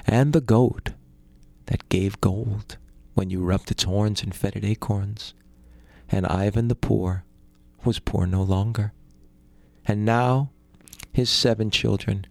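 A man telling a folktale in an animated, rhythmic way. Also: on the low side, creaky, no echo. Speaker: storyteller. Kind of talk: folktale storytelling.

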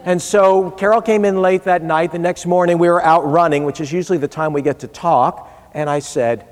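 A man's voice: a little high, steady tone, brisk. A middle-aged man giving a speech, telling a humorous family story in a conversational way and voicing the people he quotes. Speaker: public speaker. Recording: long reverb of a large hall.

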